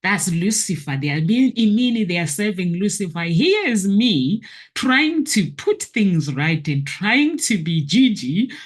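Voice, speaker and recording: A woman speaks in an earnest, preachy monologue, telling her own spiritual story. Her voice sits in a middle register with a husky, breathy grain. She leans on repeated phrases to drive her points home. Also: mid-range voice, very animated, unhurried. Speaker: motivational vlogger. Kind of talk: personal testimony, preachy monologue.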